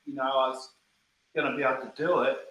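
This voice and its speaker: Bright-voiced New guitarist, roomy. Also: male voice, medium pitch, fairly even intonation, quick pace, muffled recording. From New Zealand. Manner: rambling, repeats words, acts out quotes. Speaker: band guitarist. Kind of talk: casual storytelling interview. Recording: roomy echo, faint background noise.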